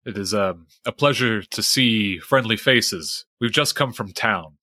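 Player guy in character, formal old-timey talk, lowish bright voice, dry sound. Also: unhurried, no echo. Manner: formal, old-fashioned phrasing. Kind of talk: in-character role-play.

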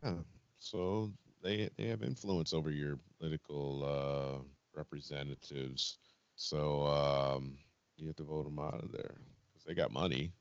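A man co-hosting a podcast, talking things through calmly in casual chat. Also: rumbling low, unhurried, smooth, no room sound, muffled recording. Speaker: podcast co-host.

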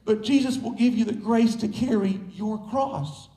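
Man, pastor, very high voice, emphatic sermon, rising to shouts, echoey church. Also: normal speed. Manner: emphatic preaching that builds to shouts. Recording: echoey room.

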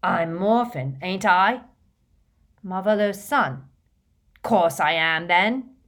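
A woman reading an audiobook voices a drunken, filthy older man who bellows in a rough, slurred dialect. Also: fairly low pitch, lively intonation, slow pace, a bit bright. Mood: drunken, ranting.

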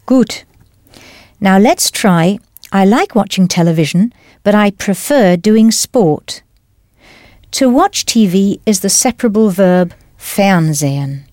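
A woman teaching a language lesson in a clear, patient, encouraging scripted voice. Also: medium pitch, lively intonation, slow pace, a little mellow, dry recording, studio quality.

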